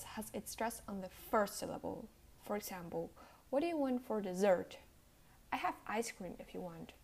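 Woman teacher, American accent, slight vocal fry, careful over-articulated delivery. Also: mid-range voice, a little mellow. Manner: slow, deliberate, over-articulated example words. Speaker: pronunciation teacher. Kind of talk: scripted pronunciation lesson.

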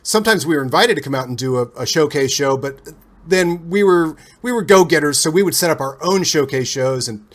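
Male interview guest, from Cincinnati, chatty and digressive, slightly higher pitch. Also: fairly quick. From Cincinnati, USA. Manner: rambling, animated anecdotes with self-corrections. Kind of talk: casual interview storytelling.

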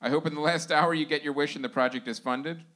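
A man hosting a podcast live, reading sponsor shout-outs in a loose, laughing, informal way. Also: a little high, fairly even intonation, fast talker. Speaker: podcast host. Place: live show venue.

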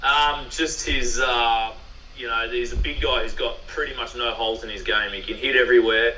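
A man's voice: mid-range voice, steady tone, moderate pace, sharp tone, dull audio, slight background noise. A man with an Australian accent, a volleyball player chatting in an interview, rambling with many fillers and restarts. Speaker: professional beach volleyball player. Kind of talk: podcast interview. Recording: roomy, distant mic.

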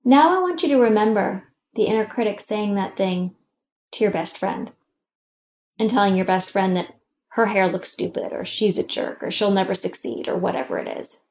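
A woman's voice: mid-range voice, normal speed, a little mellow. A middle-aged woman hosting and guiding a self-help exercise, coaching the listener directly with emphatic, encouraging instructions.

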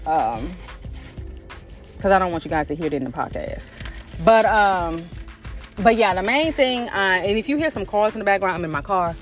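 Woman, Southern US accent, podcast host recording in her car; chatty and repetitive, faint music under the voice. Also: medium pitch. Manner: chatty, repeats herself, addresses listeners as y'all. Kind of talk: casual faith and wellness check-in. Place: inside her parked car.

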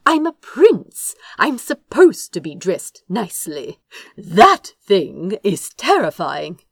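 A woman voicing a fretful, gentle young male prince who fusses anxiously with breathy exclamations. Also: medium pitch, huge pitch swings, takes it slowly, dry recording, studio quality, full character voice. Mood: flustered.

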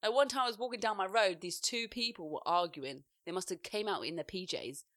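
A young woman co-hosting a podcast, telling animated stories and acting out what people said in casual chat. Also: medium pitch, fairly quick, no echo, clean studio sound. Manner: animated storyteller, acts out quotes loudly. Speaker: podcast co-host.

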